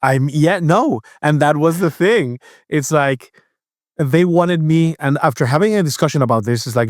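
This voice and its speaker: A man's voice: fairly high pitch, dry recording, clean studio sound. A man co-hosting a podcast, telling a story in casual chat with many restarts and acting out the other voices. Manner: storytelling, halting with restarts, acts out quoted voices. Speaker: podcast co-host.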